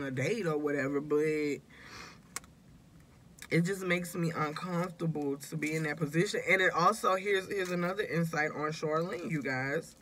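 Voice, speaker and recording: A woman's voice: low voice, a bit bright, a little hiss or hum. A woman vlogging in a casual, confiding way, emotional and close to tears, rambling and talking straight to her viewers. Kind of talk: casual confessional vlog.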